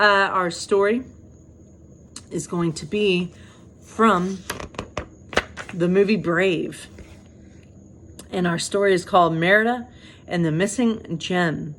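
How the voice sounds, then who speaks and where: A woman's voice: mid-range voice, slight background noise. A woman pastor reading bedtime stories aloud, with chatty, self-deprecating asides.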